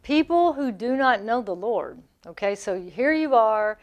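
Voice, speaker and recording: A woman's voice: fairly high pitch, lively intonation. A woman with a Southern US accent co-hosting a radio show, chatting in a playful, talkative way. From American South. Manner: playful, talkative, quick asides. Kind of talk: casual radio chat.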